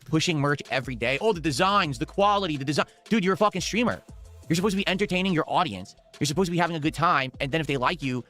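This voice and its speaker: A man's voice: a little high, lively intonation, pushed and bright, faint music behind. A man streamer ranting heatedly with a lot of swearing. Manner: fast, heated, swearing rant.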